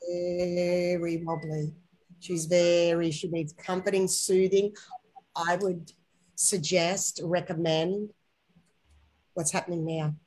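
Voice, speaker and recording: A woman guiding a spiritual healing session in a gentle, unhurried voice. She coaxes and reassures, slowing each step down and speaking with tender endearments. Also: on the low side, level tone, poor audio. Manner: soft, slow, coaxing guidance with gentle endearments. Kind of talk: guided inner-child healing session.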